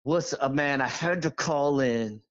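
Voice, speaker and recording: A man calling in to a live stream, rambling excitedly through a long story. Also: mid-range voice, a little slow, no echo, dull audio. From Florida. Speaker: caller. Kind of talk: excited phone-in chat.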